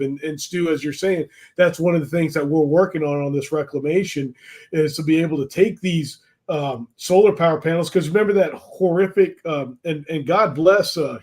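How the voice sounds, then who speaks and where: A man's voice: a little high, darkish tone. A man co-hosting a podcast, telling stories in a loose, rambling way with many fillers. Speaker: podcast co-host. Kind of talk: casual chat.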